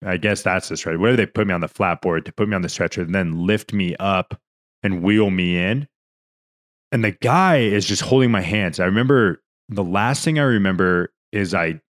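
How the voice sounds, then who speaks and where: A man's voice: sits low, a bit bright. A young man on a podcast, earnestly recounting a story in a rambling, emotional way with many restarts, near tears. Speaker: podcast co-host. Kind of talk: casual podcast conversation.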